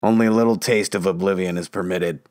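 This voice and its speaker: A man's voice: low-pitched, fairly even intonation, fast talker, darkish tone, no room sound, studio quality, lightly acted. An actor playing a fanatical male psychiatrist who lectures and builds into a ranting tirade, in an audio drama.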